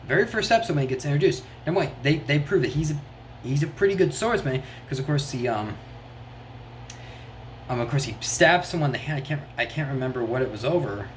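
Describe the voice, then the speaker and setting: A reviewer giving a casual, excited recap of a TV episode, talking in loose bursts full of "like" and quick restarts. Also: medium pitch, slight background noise. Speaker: show reviewer.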